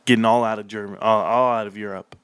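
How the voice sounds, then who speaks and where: An excitable man hosts a live stream, reacting to an earnings report. His voice is bright and forceful, recorded dry and close with no room around it. He reads figures aloud, then suddenly jumps up in pitch and shouts. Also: brisk, smooth, no echo. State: out of breath. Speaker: stock livestream host.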